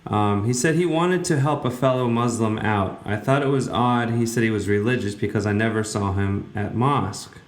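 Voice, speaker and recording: A man's voice: fairly low pitch, moderate pace, few pauses. A man hosting a radio talk show, giving casual, rambling commentary in a blunt way with many fillers. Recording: roomy, echoey room.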